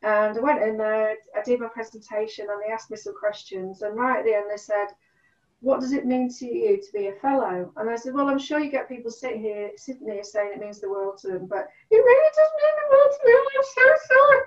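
A middle-aged woman telling stories in a casual chat, animated, acting out what people said. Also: medium pitch, fairly quick. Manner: animated storyteller, acts out quotes. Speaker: guest. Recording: distant, roomy, dull sound.

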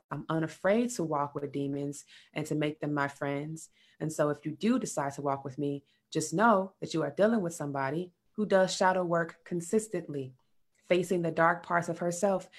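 A woman guest on a podcast, talking earnestly about faith and personal work, with casual slang. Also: fairly low pitch. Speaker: podcast guest, sexual health coach. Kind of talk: casual spiritual chat.

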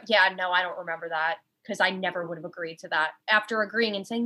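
A woman's voice: mid-range voice, brisk, bright, forceful tone. A young woman in casual conversation, speaking candidly, swearing often and acting out quoted exchanges. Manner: candid, frequent swearing, acts out quoted dialogue. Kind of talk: casual chat.

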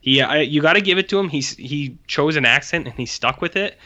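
A man's voice: a little high, expressive, brisk, bright, forceful tone. A man co-hosting a podcast in casual chat, rambling, joking and swearing freely. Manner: rambling, jokey and profane. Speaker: podcast co-host. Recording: dull lo-fi sound.

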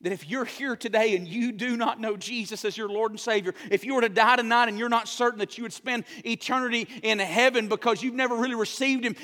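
A high-pitched man preaches a sermon as pastor, pressing his points with fervor. At times he drops to a soft, hushed near-whisper. The sound carries the long reverb of a church hall. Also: steady tone, quick pace, hardly any pauses.

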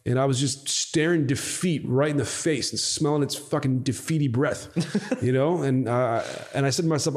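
A man's voice: medium pitch, moderate pace. A man telling a story in a casual podcast interview, swearing freely and acting out what people said. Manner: animated storyteller, swears freely, acts out quotes. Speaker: podcast guest, company founder.

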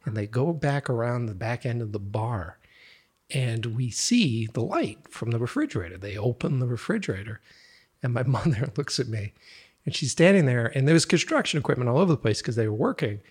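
A man's voice: mid-range voice, expressive, a little fast, breathy edge. A man, a horror film director, telling a childhood story in a casual chat and laughing through the funny parts.

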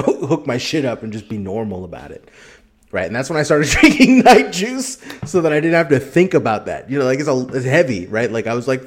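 A man telling a long story on a casual podcast, rambling and swearing freely, laughing as he goes. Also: on the low side. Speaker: podcast guest.

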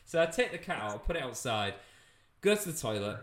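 A man's voice: mid-range voice, very animated, fairly quick, a bit bright. A young British man, a comedian, telling a funny anecdote in casual chat, laughing as he goes. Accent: British English. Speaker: comedian guest.

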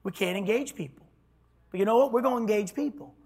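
A man preaching a sermon as pastor, telling a story and swinging from loud declarations to hushed tones. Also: sits high, fast talker, slightly rough.

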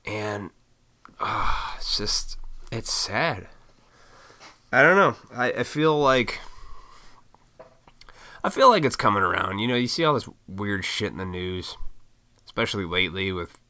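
A man from Illinois ranting in a casual solo monologue, blunt and profane, with mocking high-pitched put-on voices. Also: animated, unhurried, long pauses, sharp tone. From Illinois, USA. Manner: works in restaurants.

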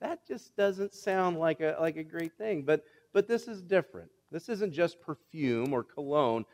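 A middle-aged man delivers a sermon, his voice sitting a touch high and swinging widely as he throws questions at the congregation. The church sanctuary gives him a long, echoing reverb. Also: measured pace. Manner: animated, rhetorical questions to the congregation. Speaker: pastor.

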